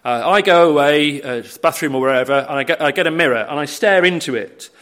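Male preacher, slightly high voice, earnest and halting, leans on rhetorical questions. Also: fairly bright tone. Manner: earnest, many fillers and restarts, rhetorical tag questions. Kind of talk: sermon on a Bible passage.

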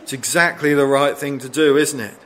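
Reading scripture aloud, a male preacher with a medium-pitched, steady, slightly bright voice acts out pleading quotes with rising intensity, slowing down to drive points home.

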